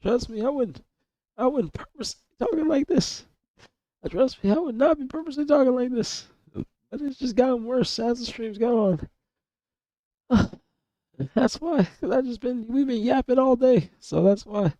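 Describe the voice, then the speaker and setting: Hoarse male streamer, voice cracking high. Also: normal speed, mellow, dry recording. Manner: coarse, rambling, swears a lot, repeats himself. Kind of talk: casual live-stream chat.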